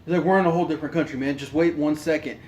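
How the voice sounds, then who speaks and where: Man, podcast storyteller, laughing, profane, slightly high voice, echoey room. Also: rapid-fire, noisy background. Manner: animated, laughing, profane, acts out quotes. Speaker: podcast co-host. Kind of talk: casual storytelling among friends.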